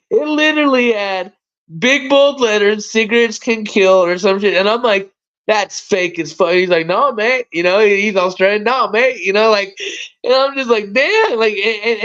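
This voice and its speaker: High-voiced guy rambling and cussing on a live stream, kinda dull lo-fi sound. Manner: rambling, profane, animated. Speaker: livestream host. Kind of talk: casual livestream chat.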